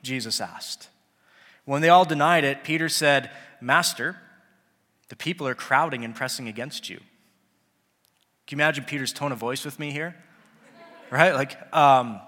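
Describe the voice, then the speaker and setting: A man's voice: on the high side, lively intonation, a little fast, pushed and bright. A man preaching a sermon, who talks casually and acts out the people he quotes. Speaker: pastor. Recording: long hall reverb.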